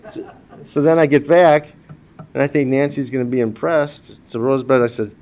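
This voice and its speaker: An older man, mid-pitched, speaks at a funeral and remembers his wife. He tells funny personal stories and laughs at his own jokes. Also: moderate pace, darkish tone. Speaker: widower giving a eulogy. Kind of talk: funeral eulogy told as personal anecdotes.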